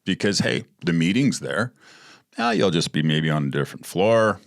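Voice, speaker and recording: Man, very deep voice, podcast host, candid storytelling, profane, rambling, dry sound. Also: animated, moderate pace, no room sound. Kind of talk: storytelling monologue.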